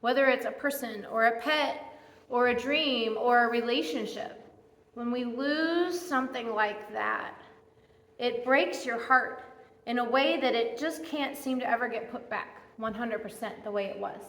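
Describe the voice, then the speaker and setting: Bright-voiced woman preaching in echoey hall. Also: on the high side, unhurried. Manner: animated, self-mocking, chatty storytelling. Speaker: guest speaker at church. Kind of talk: sermon with personal storytelling. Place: church sanctuary. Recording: echoey church hall reverb.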